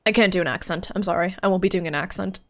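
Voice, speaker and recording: A young woman streaming a game, chatting casually in an excitable, chatty way and laughing often. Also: lowish voice, very fast. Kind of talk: casual gaming stream chat.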